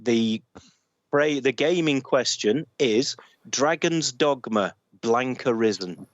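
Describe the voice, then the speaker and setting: A man with a Northern English accent runs a relaxed podcast quiz. He speaks at an unhurried, measured pace with a middle-pitched voice. He reads each clue out carefully and chuckles along the way. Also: no echo, dull audio. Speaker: podcast quizmaster.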